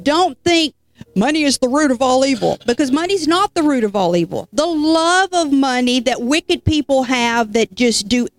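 A woman preacher delivering a conversational sermon, telling a story in a lively, folksy way and turning to the listeners with casual asides. Her voice sits fairly high, and soft music plays quietly behind her. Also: normal speed.

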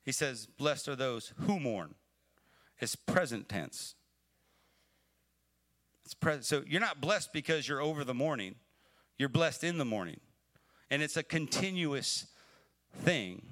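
Bright-voiced man preaching a livestream sermon. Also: lively intonation, unhurried, pauses often. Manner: conversational preaching that swells to emphatic, pleading highs. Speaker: pastor. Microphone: livestream mic.

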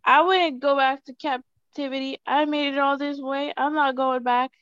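A woman's voice: sits high, fairly even intonation, normal speed, fairly bright tone, no room sound, lo-fi sound. A woman reading scripture aloud carefully and steadily, with a few small restarts, and answering questions.

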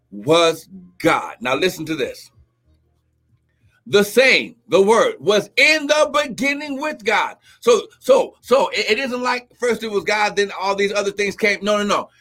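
A man preaching a livestream sermon as pastor, teaching slowly, then shouting, crying out and speaking in tongues. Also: high voice, lively intonation, soft background music. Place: church livestream with music behind.

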